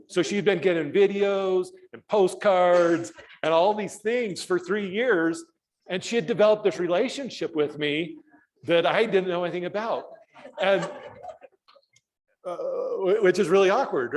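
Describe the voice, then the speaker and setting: A man giving a real estate training talk, animated and self-deprecating, acting out dialogue as he tells a story. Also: on the high side, unhurried, poor audio. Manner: self-deprecating humor, laughs at himself.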